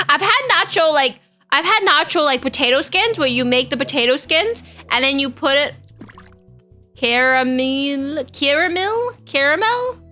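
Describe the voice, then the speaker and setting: A young woman chats with viewers during a live stream, greeting people and riffing on whatever chat brings up. Her voice is high and bright, and her pitch jumps around a lot. Faint music plays under her talk. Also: animated, moderate pace. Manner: bubbly, chatty, reads out chat and greets viewers. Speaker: VTuber streamer.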